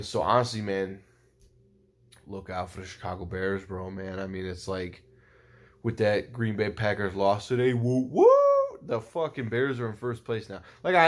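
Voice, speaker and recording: A young man talks through a football game he just watched in a loose, casual vlog. He rambles, stacks up fillers and swears freely, with bursts of excitement. His voice sits at an ordinary middle pitch. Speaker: sports fan vlogger.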